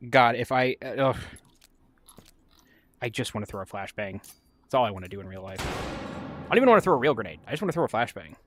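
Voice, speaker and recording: Man, game streamer, wry, rambling, casual chat, mid pitch. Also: lively intonation, quick pace, pauses often.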